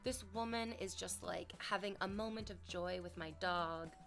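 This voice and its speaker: A young woman chats casually on a live stream, telling a story to her viewers. Her voice is bright and forward, and she slips into playful exaggerated voices when she quotes people. Faint music plays behind her. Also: fairly low pitch, normal speed, gravelly. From Canada.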